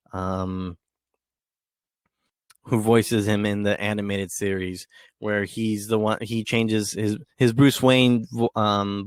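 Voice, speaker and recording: Man, solo podcast host, low voice, dry close sound, casual rambling talk, lots of ums. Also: dry recording. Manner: rambling, many ums and restarts.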